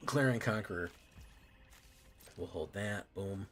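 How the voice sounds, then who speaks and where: Deep-voiced man muttering gameplay commentary. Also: slow, a bit bright, soft background music. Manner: muttered play-by-play, swears when frustrated. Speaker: streamer playing a card game. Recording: noisy room ambience behind.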